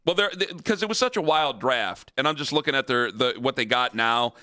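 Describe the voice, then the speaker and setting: A man hosting sports talk radio, telling stories in a lively way and acting out both sides of a phone call. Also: mid-range voice, a little fast. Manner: animated storyteller, acts out both sides of conversations.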